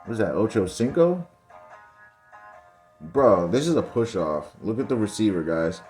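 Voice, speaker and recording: Young guy, low voice, exasperated rants over replay clips, faint music behind. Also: sing-song, unhurried, a little mellow. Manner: exasperated ranting, keeps addressing viewers as guys and bro. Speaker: football commentary channel host. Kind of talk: casual video commentary over game footage.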